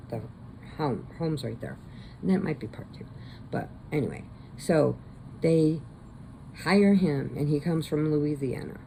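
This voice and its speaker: Woman, low gravelly voice, mellow dark tone, rambling casual chat, faint background noise. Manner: rambling, chatty, laughs often. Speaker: vlogger. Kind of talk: casual movie recap.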